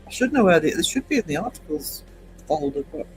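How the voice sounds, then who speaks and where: A man's voice: sits high, big pitch swings, quick pace, music in the background, low-quality recording. A man hosting a casual livestream chat, rambling between topics, chuckling often and reading viewers' comments aloud. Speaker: livestream host.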